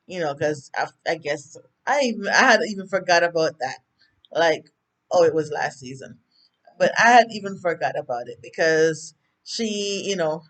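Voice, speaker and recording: A woman with a Jamaican accent and a deep, slightly bright voice recaps a TV episode as a vlogger. She's chatty and rambling, wandering off on tangents and acting out the characters' lines as she retells it.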